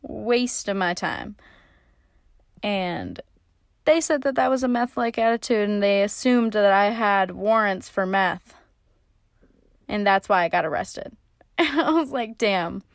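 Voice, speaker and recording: A woman's voice: mid-range voice, expressive, measured pace, long pauses, no room sound, studio quality. A young woman casually telling a story in a chatty, sarcastic way, swearing freely. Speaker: vlogger.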